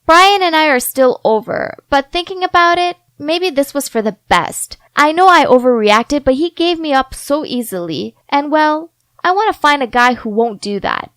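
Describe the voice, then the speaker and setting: A woman narrating a first-person animated story in an upbeat, reflective, chatty way. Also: sits high, moderate pace, no echo.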